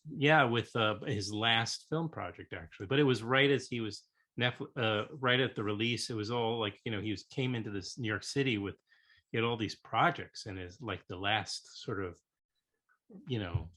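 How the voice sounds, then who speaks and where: A man hosting a casual interview, speaking in halting phrases full of fillers. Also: on the low side, bright, forceful tone. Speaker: podcast host.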